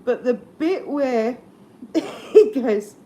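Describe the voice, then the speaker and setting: A woman's voice: high-pitched, animated, drawn-out words, mellow. A middle-aged Australian woman chatting casually on her live stream, rambling and self-deprecating and laughing easily at herself.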